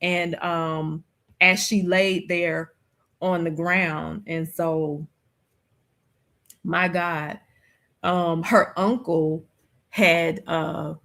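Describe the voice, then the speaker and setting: A woman hosting a livestream, talking slowly and reflectively in a casual chat with plenty of fillers. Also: fairly low pitch, steady tone, gravelly, fairly bright tone. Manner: slow, reflective, conversational with many fillers. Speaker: streamer host.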